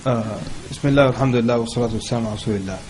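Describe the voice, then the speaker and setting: A man speaking on a panel, giving advice in a lively, humorous way and mimicking people in quick quoted asides. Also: mid-range voice, background noise. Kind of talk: casual panel talk.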